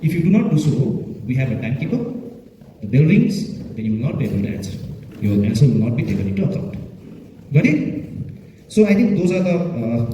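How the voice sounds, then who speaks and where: A man's voice: medium pitch, mellow. A man acts as the spelling bee pronouncer and patiently explains the contest rules to pupils, often asking "okay?" to check they follow. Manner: patient, repetitive, checks understanding with frequent "okay?". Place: large echoey school hall. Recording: echoey hall from far off, faint noise.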